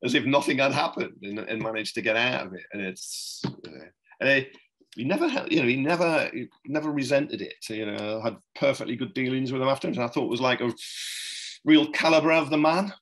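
A man's voice: medium pitch, a little fast, a bit bright, rough recording. A middle-aged man, a journalist, telling anecdotes in an interview in a rambling, chuckling way. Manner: rambling, many restarts and "you know"s, chuckles. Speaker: political journalist, podcast guest.

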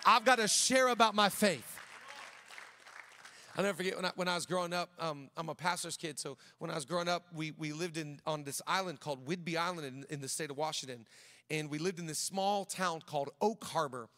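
A man's voice: a little high, a little fast, a faint crowd. A middle-aged man, a pastor, preaching a sermon in a casual, conversational way, breaking into personal stories with frequent restarts. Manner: conversational, many restarts, drops to quiet storytelling. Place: large church auditorium. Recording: long hall reverb.

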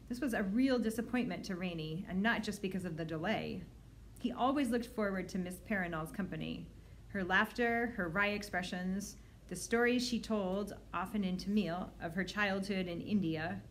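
A woman librarian reads a children's novel aloud in a clear, middle-pitched voice. Her reading is expressive and animated. A faint hiss sits behind her. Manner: expressive read-aloud, does character voices.

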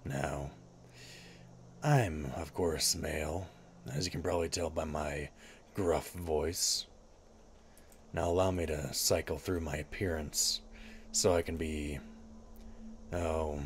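A man playing a gruff, wry male lizard-folk adventurer while he talks over a video game, with dry sarcastic asides. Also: rumbling low, fairly even intonation, slow, long pauses, a little hiss or hum. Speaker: streamer. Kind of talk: in-character game commentary.

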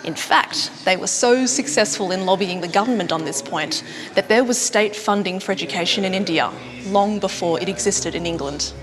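A woman giving scripted documentary narration in a clear, explanatory way. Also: mid-range voice, normal speed, a crowd in the background. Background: music.

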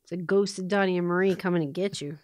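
A woman's voice: fairly low pitch, fairly even intonation, fast talker, darkish tone. A woman co-hosting a board game show, chatting casually and tossing in dry, teasing quips. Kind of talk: casual play-through banter.

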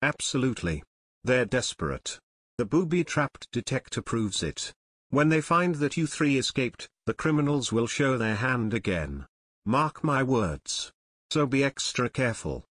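A seasoned detective father , voiced by a man reading a storybook, speaks in measured, confident tones. The pitch is middling, and the sound is close and dry. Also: big pitch swings, a bit bright, no echo. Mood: assured.

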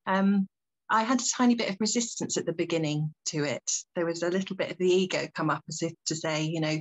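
Lower-voiced woman sharing earnestly and gently on a video call. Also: quick pace, rough recording. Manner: earnest, gentle, a little hesitant. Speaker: meditation participant. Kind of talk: sharing personal reflection.

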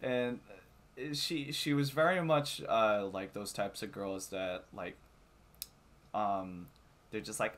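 A man's voice: fairly low pitch, slow pace, a little hiss or hum. A young man co-hosting a casual podcast, telling a story with lots of swearing and laughter. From Canada. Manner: lively storytelling, swears a lot, laughs often. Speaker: podcast co-host. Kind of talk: casual chat.

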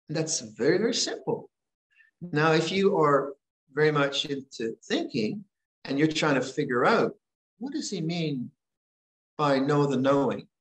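An older man teaching at a monastery, giving a gentle, conversational dhamma talk with frequent restarts. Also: on the high side, reverberant, poor audio. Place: monastery hall.

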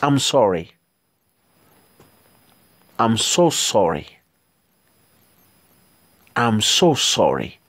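Man, Ethiopian accent, native Amharic speaker, English lesson, slow careful repetition, dry close sound. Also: on the low side, very animated, a bit bright, dry recording. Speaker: English teacher. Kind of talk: language lesson.

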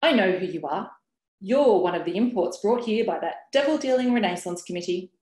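A woman's voice: mid-range voice, animated, a little fast, lightly acted. A woman reading aloud from her own novel and voicing a hostile elderly village woman who snaps and hisses her accusations. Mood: scornful. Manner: sharp, hissing, snapping accusations. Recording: roomy webinar audio.

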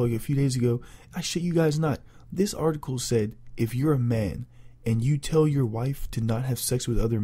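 A young man in a crude, rambling comedic rant, loud and profane as a vlogger. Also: fairly high pitch.

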